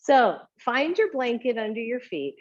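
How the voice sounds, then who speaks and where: A woman's voice: fairly high pitch, sing-song, unhurried, dull audio. A woman teaching a home yoga class, giving encouraging cues with a chatty manner and frequent light laughs.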